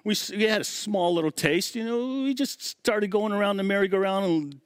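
Middle-aged man, slightly high voice, casual storytelling, acts out quoted voices, dry close sound. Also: moderate pace, clean tone, dry recording. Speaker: guest, former drum tech.

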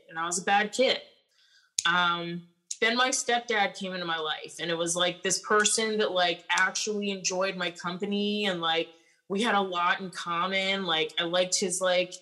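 A young woman recounting her past on a podcast, blunt and unfiltered, swearing often and leaning on filler words. Her voice sits somewhat low but carries a bright, forceful edge. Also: rough recording. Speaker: podcast guest. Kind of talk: candid personal storytelling.

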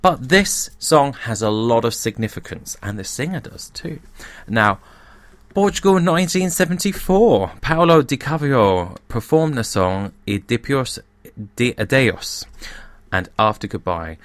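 A man's voice: mid-range voice, expressive, moderate pace, no room sound. A man hosting a music show, presenting songs in a chatty, informal way with asides. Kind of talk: casual radio-style presenting.

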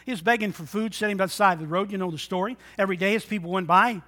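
A man preaching a sermon with a high, bright voice. He drops to a hushed, close tone, then rises to loud exhortation. He acts out the people in his stories as he goes. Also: rapid-fire, few pauses. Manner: swings from quiet intimate talk to loud exhortation. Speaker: pastor.

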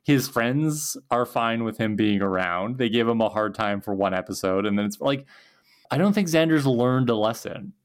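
A man's voice: medium pitch, lively intonation, moderate pace. A man co-hosting a podcast, rambling and thinking aloud in casual chat, with many likes. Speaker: podcast co-host. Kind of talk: casual chat with a sponsor-style plug.

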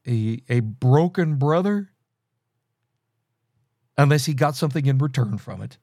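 This sermon comes from a preacher, middle-aged or older, whose voice is a little high and a little mellow. He scolds earnestly and keeps starting his sentences over. Studio quality, dry recording.

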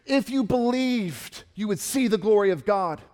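A man's voice: high-pitched, lively intonation, moderate pace, a little mellow, big-room sound. A pastor voicing Jesus in the first person, a commanding man making bold, proclaiming declarations. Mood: insistent.

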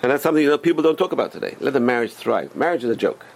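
A man teaching a religious class as a rabbi, animated and full of rhetorical questions to his students. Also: medium pitch, racing.

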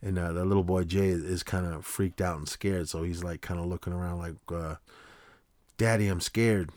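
A man with a deep voice hosts a podcast, walking through a short film's story in a loose, rambling way. He leans on fillers and restarts his sentences often. The sound is close and dry, with no room echo. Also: flat delivery, fairly quick, mellow. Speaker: podcast host. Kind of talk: casual film recap.

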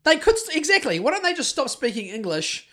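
A man's voice: very high voice, sing-song, a little fast, bright, forceful tone. A man with a New Zealand accent co-hosting a podcast in casual chat, rambling, crude and sardonic, often trailing off and restarting his sentences. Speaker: podcast co-host.

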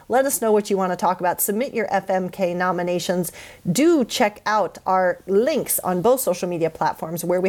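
A woman's voice: mid-range voice, a little mellow. A woman co-hosting a casual podcast and chatting in an upbeat way, with casual swearing. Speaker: podcast co-host.

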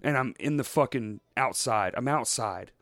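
A man co-hosts a podcast, swapping stories casually while cursing and laughing throughout. His voice is medium in pitch, slightly bright, at a moderate pace, and the recording is dry.

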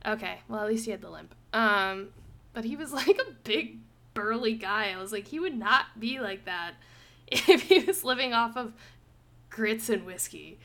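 A young woman hosting a casual book review podcast, animated and quick to laugh, with lots of "like" fillers. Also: on the high side. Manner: animated, laughs often, says "like" a lot. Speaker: podcast host.

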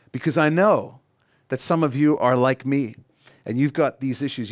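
A middle-aged man preaching a sermon as pastor, rising to emphatic peaks and dropping to quiet asides. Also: mid-range voice, no room sound, clean studio sound.

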